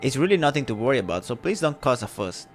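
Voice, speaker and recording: A man voicing a flustered woman village mayor who sounds fretful, prim and high-strung. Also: big pitch swings, fast talker, faint music behind.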